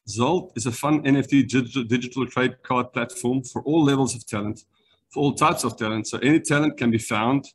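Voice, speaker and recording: A man from South Africa with a South African accent, delivering a brisk, rehearsed startup pitch over a video call. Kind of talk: online pitch presentation.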